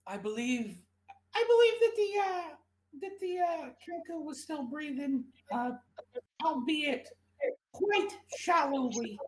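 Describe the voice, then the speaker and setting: A woman voicing a frantic, fussy little male mouse in a bowler hat, high-strung and squeaky. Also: lively intonation, slow pace, a little mellow, echoey room. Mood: flustered.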